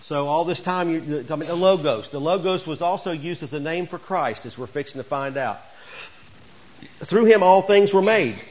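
A man's voice: fairly high pitch, a little fast, few pauses, muffled recording. A man preaching a sermon as pastor, folksy and conversational, rising to emphatic bursts.

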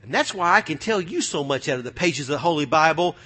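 Male preacher, high bright voice, husky edge, fervent, loud then hushed. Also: animated, quick pace. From United States. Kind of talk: sermon.

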